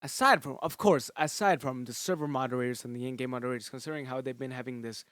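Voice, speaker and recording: A man's voice: mid-range voice, fast talker, a bit bright, smooth, dry recording, clean studio sound. A man doing casual video commentary, frustrated and complaining, swearing now and then. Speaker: gaming commentary YouTuber.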